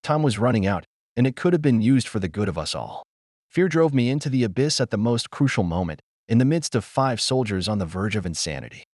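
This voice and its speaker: A male narrator tells a first-person wartime story in a grave, measured way. His voice rises and falls with lively intonation. The recording is dry and close, with no room sound. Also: mid-range voice, dry recording. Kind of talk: scripted first-person war memoir narration.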